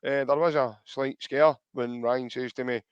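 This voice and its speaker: A man's voice: mid-range voice, steady tone, moderate pace, clear, resonant tone, no echo, dull audio. A man with a Scottish accent hosting a podcast in casual chat, reading out viewer comments and calling his co-host mate. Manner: chatty, calls co-host mate.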